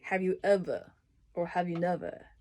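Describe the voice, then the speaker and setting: A woman reading through dictionary entries and explaining each one with everyday examples, in an unhurried, casual way. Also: lowish voice, animated. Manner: unhurried, explaining words with examples, soft asides. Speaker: language tutor.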